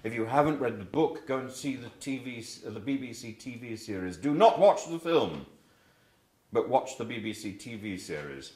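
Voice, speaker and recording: A man's voice: medium pitch, lively intonation, moderate pace, a little mellow. Chatty male teacher in an echoey classroom. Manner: rambling and chatty, with many fillers and repeated words. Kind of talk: classroom talk on books.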